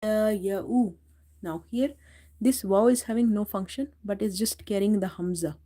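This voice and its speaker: Female tajweed teacher, patient and explanatory, mellow voice, slow drawn-out recitation. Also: medium pitch.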